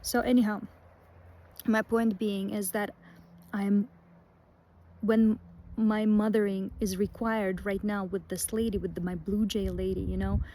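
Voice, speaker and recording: A woman's voice: medium pitch, little pitch movement, measured pace, pauses often, dark tone. A woman rambling casually and emotionally in a spiritual vlog, with many fillers and restarts, talking outdoors in a pine forest. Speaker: vlogger.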